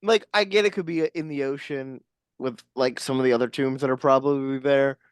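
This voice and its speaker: A comedy podcast co-host chatting in a deadpan, rambling way full of tangents. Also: mid-range voice, brisk, clean tone, no echo. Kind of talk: casual comedic chat.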